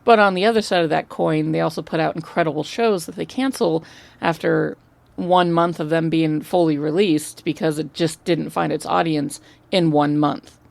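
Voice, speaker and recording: A woman co-hosting a film podcast, chatting casually, swearing freely and throwing in animated asides. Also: low voice, moderate pace, vocal fry, no echo. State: just woke up. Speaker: podcast co-host. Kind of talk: casual chat.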